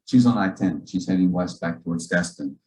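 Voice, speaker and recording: A man, a physician, telling a story to a church gathering in a lively, joking way, acting out the dialogue. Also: sits low, brisk, poor audio. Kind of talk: storytelling talk to a church audience. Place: church auditorium.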